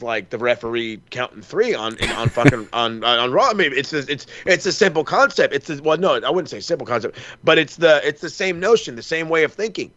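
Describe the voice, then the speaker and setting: A man's voice: medium pitch, fairly quick, few pauses, dry recording, highs cut off. A man co-hosting a casual wrestling podcast, rambling and profane, acting out quoted lines as he tells it. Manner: rambling, profane, animated storytelling with quoted asides. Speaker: podcast co-host.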